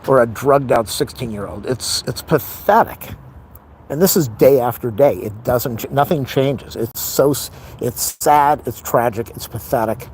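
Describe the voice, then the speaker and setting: A man's voice: mid-range voice, a little hiss or hum. A middle-aged man venting in a rambling, frustrated casual monologue on a live stream.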